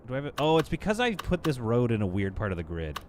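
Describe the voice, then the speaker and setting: A man with a medium-pitched, sing-song voice talks fast while streaming live gameplay, with a little hiss or hum in the audio. He chats casually as he builds, speaking to both his viewers and the game, with playful asides.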